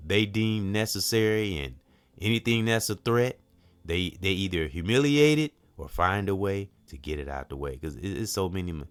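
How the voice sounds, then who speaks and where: A middle-aged man with a very low, deep voice gives a casual motivational talk. He speaks earnestly and rambles, fills gaps with "you know" and now and then stumbles over a word. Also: clean tone. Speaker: volunteer and channel host.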